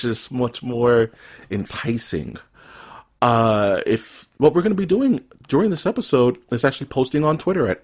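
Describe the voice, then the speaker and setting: A male podcast host in casual chat, with a somewhat low and husky voice. He talks in an upbeat, joking way and plays up his lines. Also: a little mellow.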